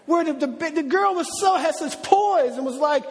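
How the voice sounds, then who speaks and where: A middle-aged man preaching a sermon in a lively, conversational way with slang. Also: extremely high pitch, normal speed. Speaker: pastor. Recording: long reverb of a large hall.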